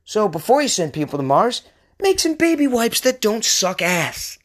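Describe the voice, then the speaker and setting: This podcast host, a West Coast American man in his thirties, rants and rambles through a comedic monologue laced with crude humor. His high voice swings widely in pitch, his pace is moderate, and faint music plays behind him.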